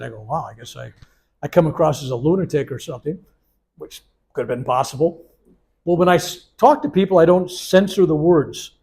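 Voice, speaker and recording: A man's voice: a little high, slightly rough. A man in his seventies, a reverend leading a healing workshop, telling stories with animation and acting out the voices he quotes. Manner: animated storyteller who acts out the voices he quotes. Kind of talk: storytelling workshop talk. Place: workshop room.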